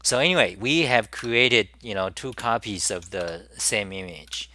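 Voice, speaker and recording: A man hosting a live software demo, thinking aloud with halting restarts and repeated words as he works. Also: lowish voice. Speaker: programming tutorial host.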